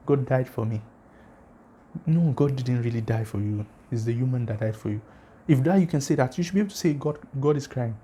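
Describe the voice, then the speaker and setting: A man with a warm, husky, medium-pitched voice hosts a religious channel. He lectures casually but drives home emphatic, challenging points with rhetorical questions, speaking straight to viewers and asking them to comment.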